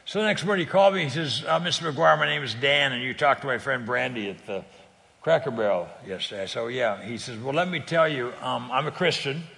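An older man from California speaks in a gravelly, middle-pitched voice. He tells stories earnestly and conversationally, stumbling over repeated words and laughing easily. A long reverb trails behind his voice. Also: a little fast, bright, forceful tone. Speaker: guest speaker on faith sharing. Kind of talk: conversational testimony.

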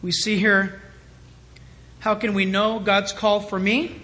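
High, bright-voiced animated preacher man. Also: takes it slowly. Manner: animated, storytelling preacher with sudden loud and quiet swings. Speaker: pastor. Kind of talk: sermon.

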